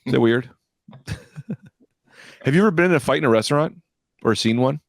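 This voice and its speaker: A man's voice: mid-range voice, fairly quick, creaky, no room sound. A young man co-hosting a comedy podcast, telling stories with gusto and acting out the people in them. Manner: animated storyteller, acts out quoted people. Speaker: podcast co-host. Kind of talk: casual chat.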